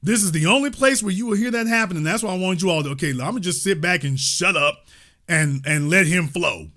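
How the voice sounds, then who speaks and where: A male host giving livestream political commentary in an animated, emphatic way, with mild cursing and the odd shout. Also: high-pitched, a little fast.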